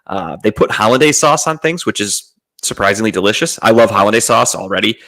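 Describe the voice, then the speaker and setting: Guy w a lowish voice, rambling and swearing a lot, chill storytelling. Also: a little fast, bright, forceful tone, low-quality recording. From United States. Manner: profane, rambling, laid-back. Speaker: podcast host. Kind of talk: casual storytelling monologue.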